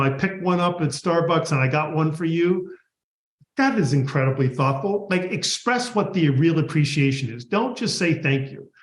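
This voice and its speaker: A man, a guest author, answering an interview and animatedly acting out workplace dialogue. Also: fairly high pitch. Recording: echoey room.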